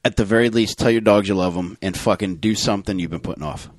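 A man chatting casually on a podcast, making relaxed, dry remarks. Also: lowish voice, fast, dry recording. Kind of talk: casual chat.

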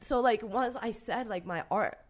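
A woman's voice: on the high side, moderate pace. A young woman being interviewed about her street art, talking in a casual, emotional way full of fillers.

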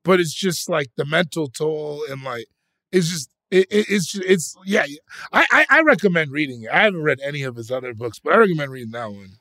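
A young man co-hosting a casual podcast, animated and rambling, often restarting his sentences. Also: on the high side, a little fast, dry recording. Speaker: podcast co-host.

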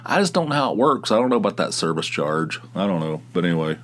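A man's voice: deep voice, very animated, fast. A man in his forties from West Virginia, hosting a casual solo podcast and rambling with restarts and sighs. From southern West Virginia, US. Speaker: podcast host.

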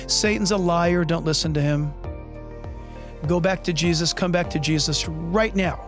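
A middle-aged man preaching a podcast sermon as pastor, telling stories with lively acted-out voices. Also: fairly high pitch, measured pace, music in the background. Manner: animated, acts out voices in stories. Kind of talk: sermon storytelling. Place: podcast studio.

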